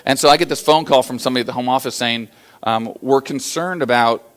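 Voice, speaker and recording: A man's voice: mid-range voice, quick pace. An American man giving a motivational business talk, telling stories with lots of fillers and acting out the quotes. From USA. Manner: animated storyteller acting out quotes, many fillers. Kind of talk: storytelling keynote talk.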